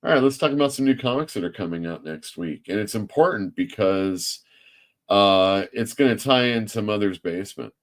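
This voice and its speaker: A man's voice: on the low side, expressive, moderate pace. A man hosting a livestream show as a comic shop owner, chatty and self-mocking. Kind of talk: casual livestream talk.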